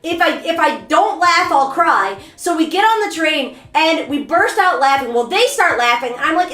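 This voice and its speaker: A woman streamer telling a story to her chat in a casual, animated, rambling and self-mocking way. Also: high-pitched, moderate pace, hardly any pauses, roomy sound. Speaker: VTuber streamer. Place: bathroom during a bath.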